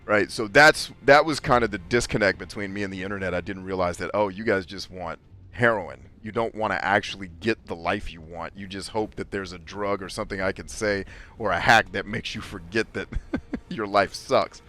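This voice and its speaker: Middle-aged male host, lowish voice, blunt and emphatic, swears freely, casual chat over faint music. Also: normal speed, sharp tone. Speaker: podcast host.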